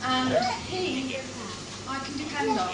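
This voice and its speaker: A woman with a high voice tells a funny, self-mocking live stand-up testimony. She sounds some way from the mic in an echoey coffee shop, with loud background noise all around her. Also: takes it slowly, recorded from a distance. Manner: humorous, self-mocking storytelling. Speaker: stand-up performer. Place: coffee shop performance space.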